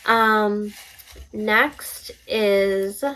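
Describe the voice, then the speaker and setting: A young woman hosting a casual book vlog, bubbly and excitable, often laughing at herself. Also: mid-range voice, very slow, smooth, low-quality recording. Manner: bubbly, excitable, self-mocking. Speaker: booktube host.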